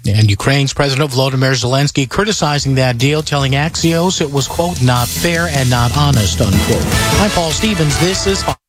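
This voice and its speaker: A male newscaster reading a radio news bulletin in a crisp, measured way. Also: medium pitch, loud music behind the voice.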